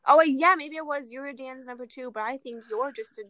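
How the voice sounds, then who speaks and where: Young woman co-host, easygoing retelling, slightly high voice. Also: quick pace, a crowd in the background. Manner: relaxed, agreeing, retells scenes. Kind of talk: casual chat.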